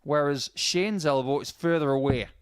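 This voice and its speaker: A man's voice: fairly high pitch, normal speed, clean tone, dry recording. Man giving analytical darts commentary. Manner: analytical, explains throwing technique at length. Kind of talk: live sports commentary.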